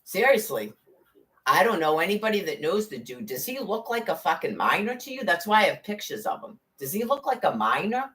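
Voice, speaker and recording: A woman's voice: mid-range voice, very animated, a little fast, fairly bright tone. A woman in an angry, profane rant, firing off sarcastic rhetorical questions.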